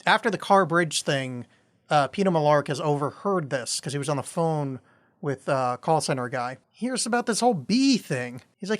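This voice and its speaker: Man, podcast co-host, casual movie chat, jokey, punning asides, high voice. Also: animated. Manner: jokey, quick with puns and asides.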